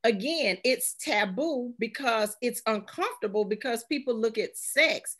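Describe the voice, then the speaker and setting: Brief: woman sex-health expert, slightly high voice, measured and explanatory. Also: animated, a bit bright, husky. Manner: measured, chains points with "and so" and "you know". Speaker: sexual health expert guest. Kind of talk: conversational explaining.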